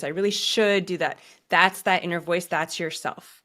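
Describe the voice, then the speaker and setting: Encouraging woman podcast host, lowish voice. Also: steady tone, a bit bright. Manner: earnest, encouraging, acts out inner thoughts in quick asides. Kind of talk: casual podcast conversation.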